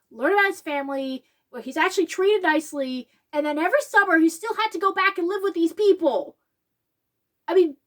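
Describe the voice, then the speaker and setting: A woman with a high voice shares a casual, heartfelt reflection on a film. She talks with real animation and slips into quoted lines. At times she sounds close to tears. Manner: animated, acts out quotes in a higher voice; emotional, gets choked up. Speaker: video essayist.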